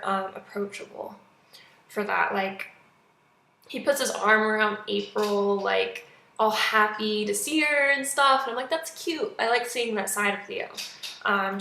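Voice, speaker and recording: A young woman giving a chatty, animated movie review in a casual vlog, acting out quotes now and then. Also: mid-range voice, moderate pace, vocal fry. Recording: echoey room.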